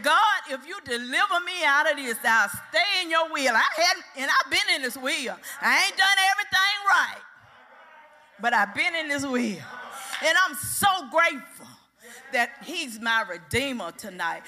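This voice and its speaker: A woman's voice: high voice, expressive, unhurried. Fervent older woman preaching in a hall. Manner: fervent, rising to shouted praise. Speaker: church speaker. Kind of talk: sermon. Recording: echoey hall with music behind.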